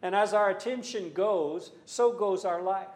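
A man preaching a sermon in a church, earnest and full of rhetorical questions, sometimes rising to loud emphasis. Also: sits high, measured pace, reverberant.

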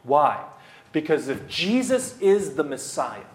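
Unhurried and expressive, a man in his thirties preaches verse by verse in a slightly bright voice on the high side. His delivery is emphatic, full of repeated key phrases and frequent fillers, and the sound echoes as if in a roomy hall.

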